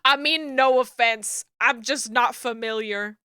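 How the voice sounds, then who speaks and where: Her voice is a little high, unhurried, pushed, bright, and smooth as she chats on a live stream while doing 3D rigging work. Easy laughter and light swearing run through the casual talk, captured in dry, studio-quality audio.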